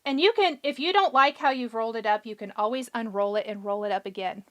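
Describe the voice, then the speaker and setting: A woman hosting a live craft tutorial, chatty and encouraging, talking through each step and answering viewers' comments, her voice a little hoarse. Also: fairly high pitch, quick pace, a bit bright. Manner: chatty, encouraging, thinks aloud while working. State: a bit hoarse. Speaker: craft show host.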